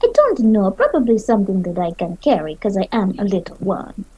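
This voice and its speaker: A woman's voice: mid-range voice, very animated, brisk, mellow, breathy edge, no echo, highs cut off. A woman playing a tabletop game, speaking in character in a playful, mocking way. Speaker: player.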